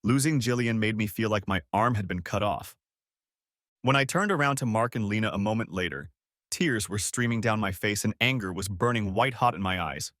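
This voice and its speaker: A male narrator reading a first-person story in a dramatic, expressive way. His pitch moves a lot, from low to high. The sound is dry and close to the mic. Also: normal speed, no echo.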